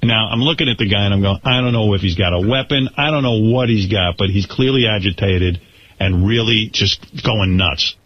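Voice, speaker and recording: Husky-voiced man telling a radio story. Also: on the low side, brisk. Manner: animated storytelling, acting out quoted dialogue, stammering restarts. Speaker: radio show host. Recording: slightly dull radio broadcast sound.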